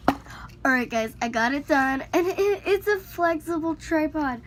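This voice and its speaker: A woman vlogging casually from home as she unboxes things, excitable and exclaiming as she talks to the camera. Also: sits high, measured pace, a little hiss or hum. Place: at home indoors, a cat nearby.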